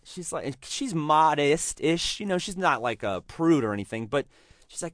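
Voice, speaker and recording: A man's voice: a little high, sing-song, normal speed, no echo, clean studio sound. A male comedian chatting casually, telling stories, acting out quotes and laughing often. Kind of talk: casual podcast chat.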